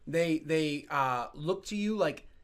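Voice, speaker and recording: A man's voice: on the high side, slow pace, clear, resonant tone. A man narrating as game master in a tabletop game, in a casual, filler-heavy way.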